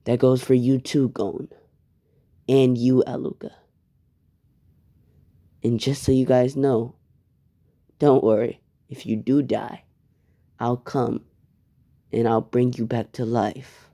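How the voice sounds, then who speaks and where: A man's voice: medium pitch, little pitch movement, slow pace, pauses often, dark tone. A man voicing a cocky teenage boy hero who brags about lava powers in a loose, swearing way. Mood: earnest. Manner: boastful, casual, swearing.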